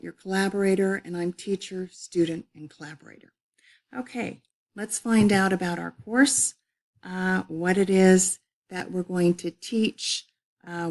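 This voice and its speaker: A middle-aged woman teacher walking students through her online college English course, explaining with repetition and frequent fillers. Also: on the low side. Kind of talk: recorded online course walkthrough.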